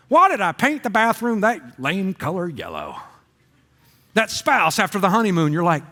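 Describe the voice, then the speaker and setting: With a voice that sits high, this middle-aged pastor talks at a normal speed and pauses often. Preaching in a church auditorium, he brings his sermon stories to life with comic voices, and the sound carries a long hall reverb.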